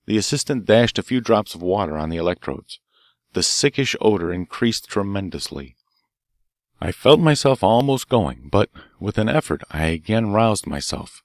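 A man narrating a detective story audiobook in a steady, measured way. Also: deep voice, no room sound, studio quality. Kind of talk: scripted narration.

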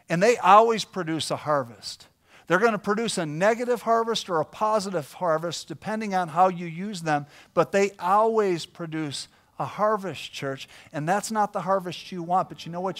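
Middle-aged guy pastor, kinda higher voice, chatty folksy sermon. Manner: conversational storytelling, folksy with fillers.

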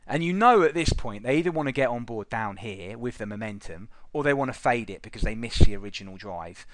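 A man's voice: mid-range voice, fairly bright tone, dry recording. A middle-aged man giving blunt, profane trading commentary over charts, exasperated and mocking. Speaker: trading educator.

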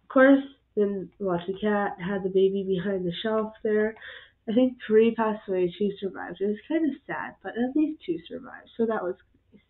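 A woman hosting a reaction video, cooing softly over cute animals and chatting casually, sometimes dropping to a whisper. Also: medium pitch. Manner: soft-spoken, drops to whispers at times. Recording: tinny phone-like sound.

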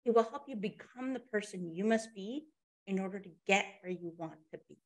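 A woman's voice: medium pitch, a little fast. A woman presenting a motivational webinar, talking conversationally and checking in with her listeners as she tells a story.

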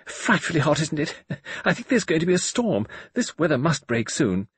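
A man reading an audiobook voices a nervous, animated lady who chatters quickly. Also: on the high side, pitched above the performer's own voice.

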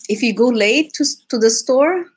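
A woman's voice: on the high side, expressive, moderate pace, breathy edge, rough recording. A woman hosting a live drawing stream, chatting casually with viewers, laughing often and restarting her sentences.

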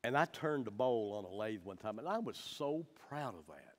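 A man's voice: on the low side, big pitch swings, moderate pace. Folksy man teaching scripture. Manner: folksy, emphatic, tells personal anecdotes. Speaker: Bible study teacher. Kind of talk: conversational Bible teaching.

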